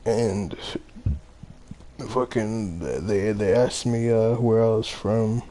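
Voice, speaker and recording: A man's voice: lowish voice, little pitch movement, slow pace, warm tone, slight background noise. A young man from Los Angeles casually telling a story, rambling with many fillers and a lot of swearing. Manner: rambling, heavy on fillers and profanity.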